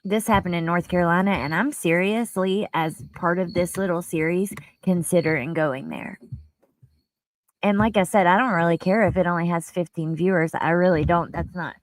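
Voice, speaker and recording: A woman's voice: fairly low pitch, normal speed, slight background noise, poor audio. A woman hosting a casual livestream, talking to her viewers in an earnest, openly emotional and chatty way as she goes through news and reads the chat. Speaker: livestream host.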